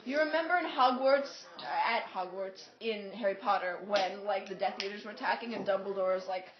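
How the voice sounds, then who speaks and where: A woman telling a long story in a casual vlog, animated and acting out what people said, with many "like"s. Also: mid-range voice, fairly quick, a crowd in the background. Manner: animated, acts out quotes, says "like" often. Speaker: vlogger. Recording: echoey room, dull lo-fi sound.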